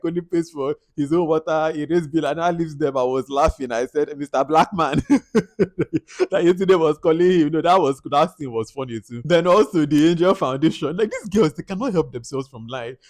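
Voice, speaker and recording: Young Nigerian male reviewer, slightly high voice, dry close sound, giggly and animated. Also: no echo. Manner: laughing often, mimics characters, slips into Pidgin. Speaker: film reviewer. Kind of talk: casual movie review.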